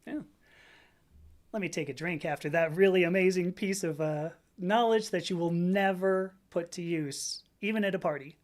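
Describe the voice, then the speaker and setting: Low-voiced woman chatting on a stream. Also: moderate pace, a little mellow. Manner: digressive, chatty, stops to greet viewers and read chat; many fillers and restarts, laughs at herself. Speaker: livestream host. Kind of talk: casual lecture-style stream chat.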